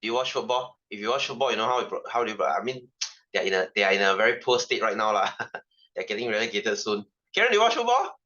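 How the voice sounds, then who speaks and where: A man's voice: lowish voice, expressive, fast talker, pushed and bright, muffled recording. A young man with a Malaysian English accent teaching a casual science lesson, chatty and joking, with constant "right?" asides. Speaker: science tutor.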